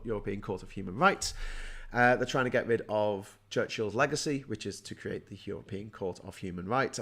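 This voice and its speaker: A man in his forties delivering an angry political rant. He is sarcastic and swears freely, with quick bursts of talk that trip over restarts and repeated words. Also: lowish voice, a bit bright. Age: 40s. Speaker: host. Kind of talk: ranting political commentary.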